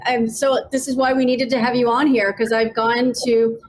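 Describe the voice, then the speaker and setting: A woman's voice: on the high side, level tone, normal speed, low-quality recording. A woman hosting an interview podcast, enthusiastic and affirming as she talks with her guest over a video call. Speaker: podcast host. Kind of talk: interview conversation.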